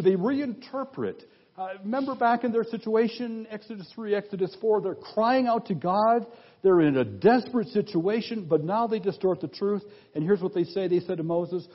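Husky-voiced man preaching a sermon. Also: a little high. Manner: teacherly, asks the congregation questions, reads scripture aloud with comments. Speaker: pastor. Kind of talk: expository sermon. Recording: dull lo-fi sound.

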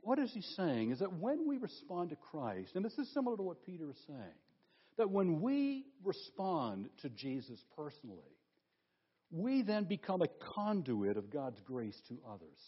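Husky-voiced preacher with lively delivery. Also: male voice, a little high, highs cut off. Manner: emphatic preaching, rhetorical questions, slows for key phrases. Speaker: pastor. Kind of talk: sermon.

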